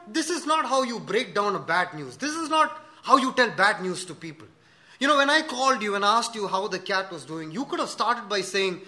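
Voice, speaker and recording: A man's voice: sits high, fast. A man preaching a sermon to his congregation, telling a joke with acted-out voices and then asking earnest rhetorical questions. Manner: animated storytelling, acting out dialogue in a joke. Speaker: pastor.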